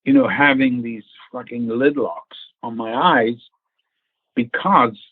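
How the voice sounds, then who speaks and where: A man's voice: mid-range voice, slow pace, slightly rough, no room sound. Man, actor guest; chatty anecdotes with acted-out quotes, over a thin phone-line signal. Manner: storytelling, acts out quoted people, swears casually. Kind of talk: anecdotal interview chat. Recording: tinny phone-line audio.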